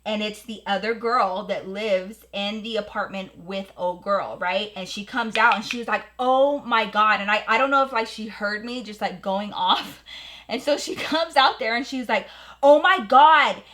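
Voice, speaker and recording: A woman beauty vlogger telling a story while doing her makeup at home, in an animated, profane, slangy way. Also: medium pitch, normal speed. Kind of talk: get-ready-with-me storytime.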